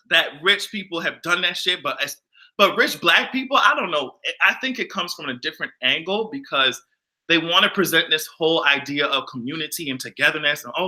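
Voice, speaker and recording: A man giving casual pop culture commentary and reacting to a live chat, profane and loud, often bursting into laughter and shrieks. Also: a little high.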